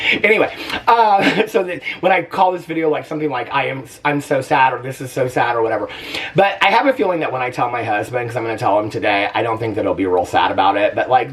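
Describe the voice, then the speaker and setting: A man chats casually to his camera at home, full of fillers and quick laughs. His pitch swoops up and down expressively as he talks. He sits a little away from the microphone, so the sound is slightly distant. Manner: animated, chatty, lots of fillers and laughs. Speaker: vlogger. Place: at home, indoors.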